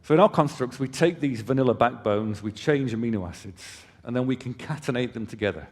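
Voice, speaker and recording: A company presenter stands on a conference hall stage, a man whose medium-pitched voice is animated and brisk. His explanations are conversational, sprinkled with casual asides to the audience, and the recording has a long hall reverb.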